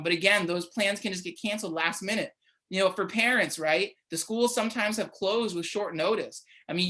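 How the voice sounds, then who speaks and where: Young woman, mid-range voice, relaxed talk-style church teaching, chatty delivery. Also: mid-range voice. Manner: casual, chatty, keeps asking "right?". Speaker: church speaker. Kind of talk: conversational midweek sermon.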